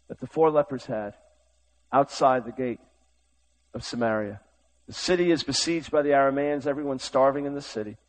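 A man preaching a sermon with urgent, impassioned delivery, swinging from loud exhortation to hushed storytelling. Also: mid-range voice, rough recording.

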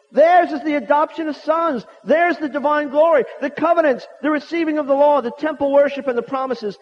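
High-pitched preacher man, emphatic. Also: a little fast, few pauses. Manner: impassioned, emphatic, repeats phrases. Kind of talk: sermon with prayer. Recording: dull sound with long hall reverb.

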